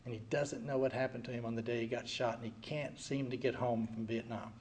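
A man in his sixties giving an earnest personal recovery testimony, swinging from quiet heavy passages to loud wry ones. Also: medium pitch, fairly even intonation, fairly quick, a little hiss or hum. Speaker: speaker sharing at a recovery meeting.

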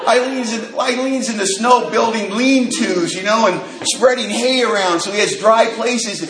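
A man speaking to an audience at a recovery meeting, telling a personal story with lively acted-out dialogue. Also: high voice, measured pace, crowd noise. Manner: animated storyteller acting out quoted dialogue. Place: large meeting hall. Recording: echoey hall with faint noise.

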